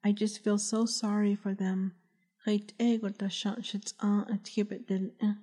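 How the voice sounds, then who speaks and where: A woman reading the lines of a grief-stricken young mother, hoarse from crying and speaking in a loud whisper. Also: medium pitch, level tone, a little slow. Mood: grieving.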